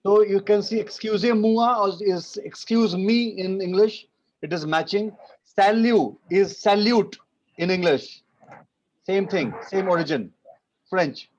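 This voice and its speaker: A man with an Indian accent teaching French in an online class, repeating each phrase slowly and mixing English with Hindi. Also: sits high, a little mellow. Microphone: video call. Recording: muffled video call audio.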